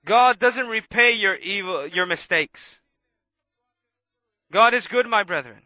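A man preaching a sermon, impassioned and swinging between loud outbursts and hushed asides. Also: sits high, lively intonation, takes it slowly, dry recording.

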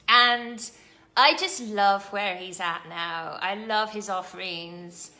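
Bubbly bright-voiced woman host. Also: medium pitch. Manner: bubbly, effusive and gushing; chatty, with many fillers and asides. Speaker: host of a weekly live coaching show. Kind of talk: casual live-stream chat. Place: at home.

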